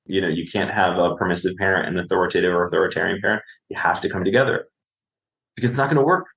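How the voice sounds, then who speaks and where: A man's voice: low voice, very fast, creaky, fairly bright tone, echoey room. A man, a clinician and podcast guest, explaining parenting in conversation, often asking "right?" and acting out what a parent would say.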